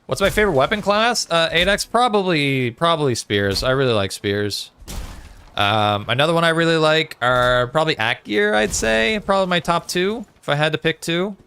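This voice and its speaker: A man's voice: a little high, expressive, moderate pace, sharp tone, clear, resonant tone. A man chatting casually with viewers on a live gaming stream, reading out chat messages with lots of fillers. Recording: faint music behind.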